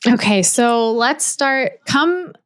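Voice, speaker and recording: Female podcast guest, bright upper voice, energetic storyteller, dry close mic. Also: on the high side, slow, no echo. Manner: energetic, candid, acts out quoted dialogue. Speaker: podcast guest, business mentor. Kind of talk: casual interview chat.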